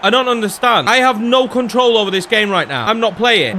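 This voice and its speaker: A young man with a high voice commentates on his own football video game, ranting in animated exasperation. He talks briskly with hardly any pauses, and there's a little hiss or hum on the recording. He's a gaming YouTuber.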